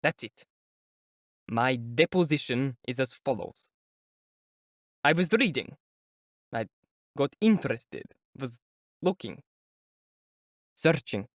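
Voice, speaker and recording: A man's voice: mid-range voice, lively intonation, slow pace, long pauses, dry recording, studio quality. A man voicing a feverish young student who teases and taunts a clerk in an audiobook reading. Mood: mocking. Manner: taunting, teasing, then whispering.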